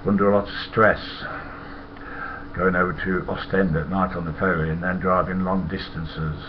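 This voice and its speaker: A man's voice: low voice, level tone, moderate pace, highs cut off, background noise. A man, a former lorry driver telling stories in a rambling, blunt and profane way. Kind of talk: casual storytelling monologue.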